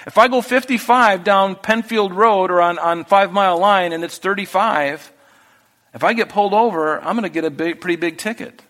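A man's voice: high voice, moderate pace, a bit bright. A man preaching a sermon as a pastor, earnest and conversational, with restarts and asides. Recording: long hall reverb.

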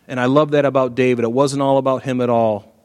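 A man preaching a sermon who works through Bible verses with animated, emphatic storytelling, heard in an echoey hall. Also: mid-range voice, fast talker, clean tone.

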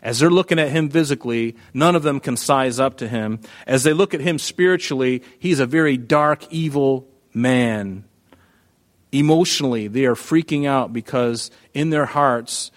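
A man preaching a sermon, emphatic, rising to loud peaks when he quotes scripture. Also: mid-range voice.

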